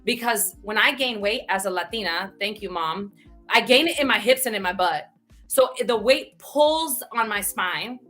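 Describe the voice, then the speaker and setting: Guest woman, bright and a touch high, animated personal storytelling, faint music under. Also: moderate pace. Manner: animated, frequent "right?" tags, bursts of laughter. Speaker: guest speaker. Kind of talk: candid conversational storytelling.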